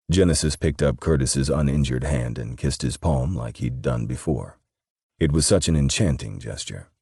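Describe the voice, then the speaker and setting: Male audiobook narrator, very deep and husky, steady reading. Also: moderate pace, no room sound, studio quality. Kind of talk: scripted narration.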